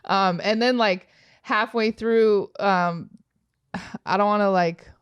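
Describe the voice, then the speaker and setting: Young woman from Los Angeles, smooth voice. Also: medium pitch, slow pace, no room sound. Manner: profane, laughing, loose storytelling. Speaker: podcast guest, rapper. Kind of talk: casual storytelling chat.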